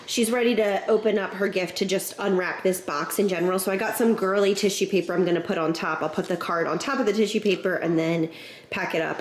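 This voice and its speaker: A woman in her thirties chatting casually to the camera at home as a family vlogger, gushing and talkative while she tells her kids what comes next. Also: lowish voice. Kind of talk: casual vlog chat.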